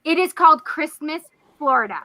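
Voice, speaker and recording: A woman in a casual chat among friends, excitable and swearing freely. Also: high voice, moderate pace, very noisy.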